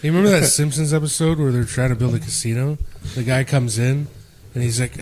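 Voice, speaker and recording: A man as a guest on a casual podcast, low-key, mostly giving short agreeing replies. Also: steady tone, a little fast, darkish tone. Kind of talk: casual chat.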